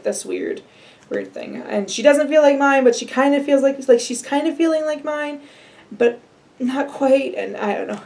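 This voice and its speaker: Young woman, casual vlogger, rambling, slightly gravelly tone. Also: fairly high pitch, a little mellow. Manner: rambling and chatty, laughing now and then. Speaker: adoption vlogger. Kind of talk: casual solo vlog update.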